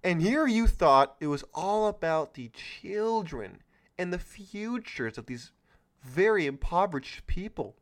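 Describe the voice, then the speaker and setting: Sarcastic, lively-pitched male podcast host. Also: measured pace. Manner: sarcastic, mocking, exclamatory. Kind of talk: solo political commentary podcast.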